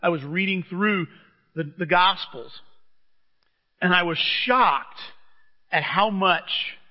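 A man's voice: high voice, slow pace. A middle-aged man preaching a sermon in a conversational, enthusiastic storytelling manner, recorded in a church. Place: church hall. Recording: muffled church recording with long reverb.

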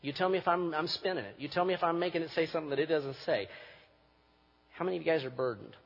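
Husky-voiced male pastor preaching in a hall. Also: on the high side, quick pace. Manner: preaching, rising to forceful emphasis. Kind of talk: sermon. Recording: muffled recording with long hall reverb.

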